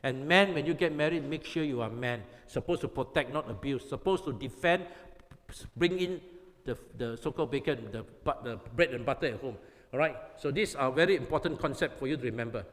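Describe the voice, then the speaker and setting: A man's voice: medium pitch, fairly quick, a bit bright. A man from Malaysia, preaching a sermon to youth. He is emphatic and repetitive, often checking with the audience whether they understand. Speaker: pastor. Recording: long reverb of a hall.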